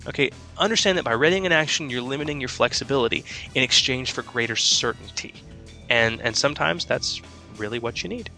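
A man co-hosting a tabletop gaming podcast, explaining rules in a chatty, rambling way full of fillers. His voice is bright and forward, with faint music under it. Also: mid-range voice, fairly quick, gravelly. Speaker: podcast co-host and game master. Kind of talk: casual gaming podcast chat.

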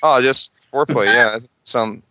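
Bright-voiced joking man on a podcast. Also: mid-range voice, slight background noise. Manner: rambling, joking, quick to laugh. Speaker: tabletop game master on a gaming podcast. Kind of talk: casual podcast chat.

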